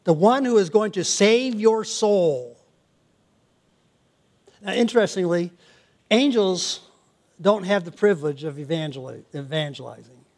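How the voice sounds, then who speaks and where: An older man delivers a sermon in a high, bright-sounding voice. He preaches in an animated way, breaking into laughing asides and playful exclamations. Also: measured pace, long pauses. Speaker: pastor.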